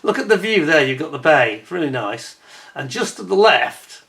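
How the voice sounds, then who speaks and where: A middle-aged British man, a vlogger, tells a rambling, chatty story over holiday photos, correcting himself as he goes and turning indignant when retelling complaints. His voice is slightly high, sing-song, gravelly and a bit bright, at a normal speed.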